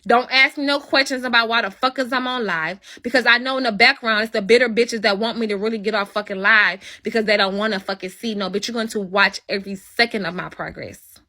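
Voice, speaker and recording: Woman, livestream host, profane, confrontational, bright sharp tone, phone mic. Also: a little high, brisk, hardly any pauses. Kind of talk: angry livestream rant.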